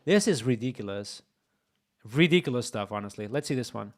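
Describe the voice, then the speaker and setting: A man hosting a live coding stream, excitable and exclaiming as he talks to his chat. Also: medium pitch, fairly quick. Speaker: streamer, host.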